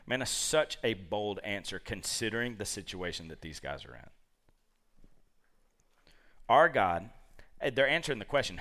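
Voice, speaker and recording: A man preaching a lively sermon, acting out the characters of a Bible story. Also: lowish voice, moderate pace, long pauses. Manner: animated, acts out quoted characters.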